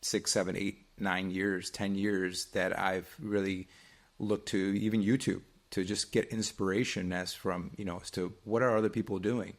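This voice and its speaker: A man's voice: sits low, little pitch movement, normal speed. A man co-hosting a podcast, talking in a reflective, rambling way with restarts. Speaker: podcast co-host. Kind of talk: casual chat.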